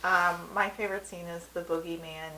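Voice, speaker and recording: A woman's voice: lowish voice, steady tone, normal speed, bright, forceful tone, poor audio. A woman co-hosting a casual episode review, retelling scenes in detail and agreeing with short yeps. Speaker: podcast co-host.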